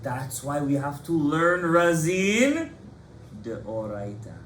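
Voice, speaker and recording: A man, a rabbi, giving a lively Torah class to students in a study hall, animated and impassioned, calling on his students by name. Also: on the high side, slow pace, noisy background.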